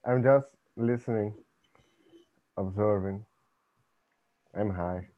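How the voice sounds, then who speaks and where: A man's voice: fairly low pitch, dry recording, narrow, tinny audio. Hesitant man on a phone-thin line. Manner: halting, hesitant questions. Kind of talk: casual chat.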